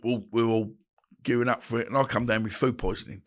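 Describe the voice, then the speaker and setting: A man's voice: medium pitch, fast talker. A man, telling stories in an interview and acting out the voices of people he quotes. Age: 50s. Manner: animated, acts out phone calls and quarrels in changing voices. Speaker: podcast guest, boxer. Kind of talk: storytelling interview chat.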